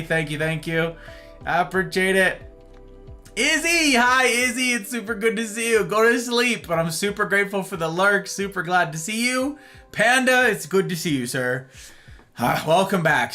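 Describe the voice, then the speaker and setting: A man streaming live and greeting his chat one by one, playful and theatrical, with faint music behind him. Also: sharp tone. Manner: playful, theatrical, swings between high exclamations and low murmurs. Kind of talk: casual livestream chat greeting viewers.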